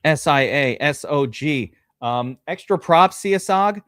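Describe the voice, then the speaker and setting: A man's voice: on the high side, animated, slow pace, a bit bright, clear, resonant tone, no echo, studio quality. A man hosting a live fantasy football draft stream, chatting loosely with viewers, reading out their names and swearing casually. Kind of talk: casual livestream chat.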